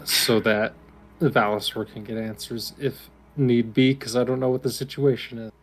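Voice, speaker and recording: A man playing a tabletop game, relaxed and stating his character's actions plainly. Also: mid-range voice, normal speed. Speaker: player. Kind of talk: casual tabletop game chat.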